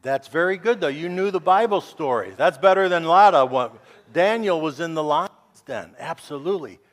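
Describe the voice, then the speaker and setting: A male pastor chatting with children and acting out a story with friendly, animated voices. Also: on the high side, moderate pace.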